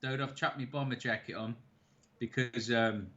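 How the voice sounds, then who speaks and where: A man with a bright, forward voice is chatting casually over beers. He tells stories in an easygoing, meandering way, swearing freely. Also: medium pitch, fairly even intonation, normal speed, highs cut off. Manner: laid-back storytelling, swears freely. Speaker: co-host.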